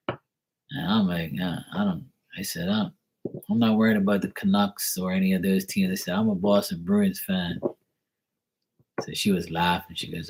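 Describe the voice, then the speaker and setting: A man's voice: low voice, steady tone, normal speed, darkish tone, husky. A man from Bermuda chatting casually on a live stream, rambling and joking as he tells stories. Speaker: live tarot reader chatting with viewers.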